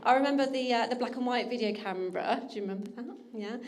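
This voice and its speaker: The bride's older sister, a young woman, gives a warm, teasing, affectionate speech at a wedding reception hall, laughing often and getting emotional. Her voice is a little high and fast, with slight background noise.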